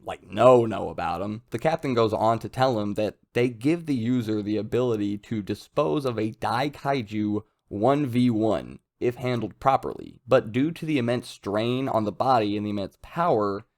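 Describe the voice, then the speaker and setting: A man's voice: lowish voice, moderate pace, hardly any pauses. A young man talking casually and enthusiastically as he reviews a manga chapter. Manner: enthusiastic, conversational, loud jumps when excited.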